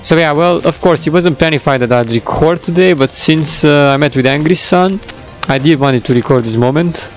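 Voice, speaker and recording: A man's voice: a little high, normal speed, soft background music, rough recording. Giggly young man rambling over gameplay. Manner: rambling and giggly, gets loud and excited. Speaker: gaming YouTuber. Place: home computer setup. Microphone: desktop microphone.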